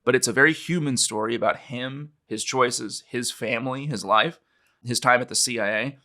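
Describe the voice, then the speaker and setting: Male podcast co-host, bright and forceful, casual and conversational. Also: mid-range voice, normal speed. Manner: conversational, with frequent "right?" asides.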